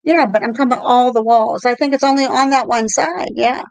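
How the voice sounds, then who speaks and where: A middle-aged woman co-hosting a casual talk show, telling a story in an animated way with swearing. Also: fairly high pitch, brisk, vocal fry, no echo, low-quality recording. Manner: animated storytelling, swearing, repeated "I'm there like". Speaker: co-host. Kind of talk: casual chat about paranormal experiences.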